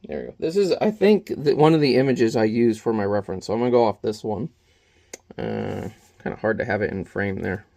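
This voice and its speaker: A man's voice: on the low side, fairly quick, creaky. Rambling man chatting while he paints. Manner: rambling, joking, then quietly reflective. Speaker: painting vlogger.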